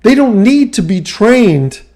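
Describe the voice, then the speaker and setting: A middle-aged man ranting casually on his vlog, profane and heated, swinging from low muttering to shouting. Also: big pitch swings, takes it slowly. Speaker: vlogger and life coach.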